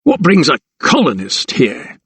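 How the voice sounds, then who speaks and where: A man voicing a broad, mean prison keeper in an audiobook, with a gruff, barking, sneering manner. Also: medium pitch, sing-song, moderate pace, a bit bright, no echo, exaggerated voice. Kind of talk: audiobook character voice.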